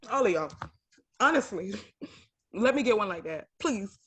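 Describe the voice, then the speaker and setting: A woman's voice: medium pitch, expressive, moderate pace, a little hiss or hum. A woman co-hosting a reaction show, chatting casually and giving outspoken, slang-heavy opinions. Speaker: co-host of a reality TV reaction show. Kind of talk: casual chat reacting to a TV episode.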